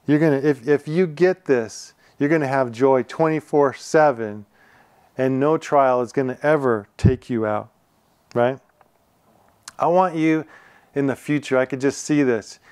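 A man of middle pitch delivers a conversational sermon as a pastor. His tone is earnest and chatty, and he keeps checking in with the congregation through rhetorical questions. His voice is dry and close, with almost no room sound. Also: measured pace, darkish tone, smooth, no echo.

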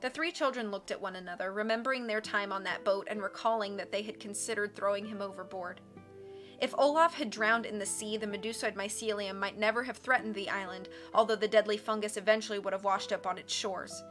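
A woman reading a storybook aloud on a livestream, expressive and voicing each character, with soft music behind her. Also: mid-range voice, fairly quick. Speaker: audiobook reader. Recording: faint background music. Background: soft instrumental music.

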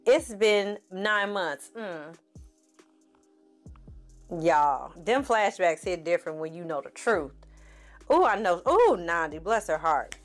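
A woman's voice: lowish voice, sing-song, slow pace, long pauses, faint music behind. Sassy chatty woman recapping a show. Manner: sassy, chatty, acts out characters' lines. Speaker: TV series reviewer. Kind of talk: casual recap commentary.

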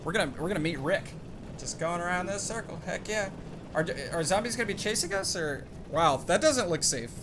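A young man giving jokey, excited commentary as he plays a game, chatting to his companion and yelping at scares. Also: sits high, brisk, background noise. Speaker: gaming YouTuber. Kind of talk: excited let's-play commentary.

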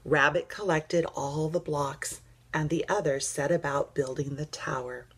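A woman teacher reading a picture book aloud to children, gentle and expressive with hushed narration. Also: deep voice, a little slow, slightly rough.

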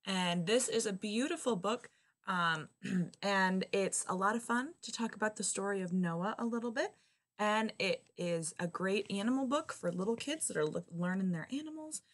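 A woman reading a children's picture book aloud in an expressive, lively way. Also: medium pitch, moderate pace.

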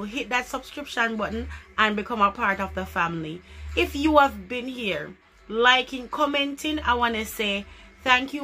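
A woman's voice: on the high side, pushed and bright. A woman from Jamaica with a Jamaican accent, chatting casually to her camera as a vlogger and slipping into patois phrases.

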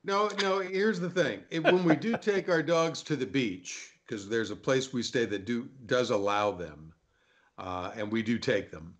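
An older man in casual chat, telling animated anecdotes and acting out the people in them. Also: mid-range voice, unhurried. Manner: animated anecdote teller, acts out quoted voices. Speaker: panel guest.

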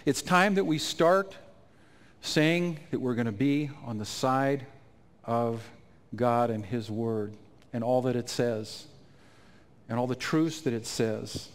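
A man telling an emotional personal testimony in a sermon at a conference, his voice climbing high and loud at the peaks. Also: takes it slowly. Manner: emotional storytelling, rising to near-shouts at climaxes. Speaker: conference speaker. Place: conference stage.

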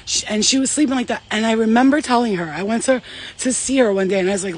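A woman's voice: on the high side, fast talker, a little hiss or hum. A woman speaking as a spiritual medium in a casual channeling vlog, rambling, emphatic and swearing freely.

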